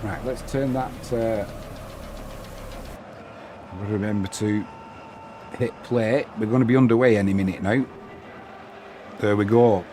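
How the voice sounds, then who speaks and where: A man's voice: on the low side, steady tone, a little slow, long pauses, noisy background. A middle-aged Englishman hosting a live match stream, chatting casually and bantering with viewers while commenting on the game. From England. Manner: chatty, bantering, reads viewer messages aloud.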